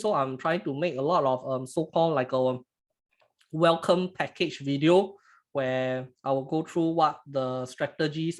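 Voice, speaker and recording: A man with a Singaporean English accent hosting a casual live trading webinar, halting and repeating words, chatty with "lah" at phrase ends. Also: a little high. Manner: chuckles while talking, snacking between lines.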